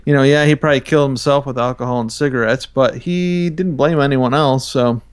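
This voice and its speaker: A man's voice: mid-range voice, brisk, a little hiss or hum. A man co-hosting a podcast, laid-back and rambling in casual chat. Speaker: podcast co-host.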